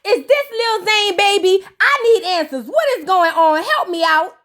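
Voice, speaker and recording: A woman's voice: extremely high pitch, lively intonation, unhurried, a bit bright. A woman hosting a reaction show, recapping a TV episode in a sassy, joking way. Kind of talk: casual comedic recap.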